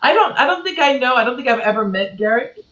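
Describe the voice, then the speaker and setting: A woman co-host who talks warmly with many stammered restarts. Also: high voice, lively intonation, fast talker, a crowd in the background. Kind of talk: casual interview chat. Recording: echoey and lo-fi.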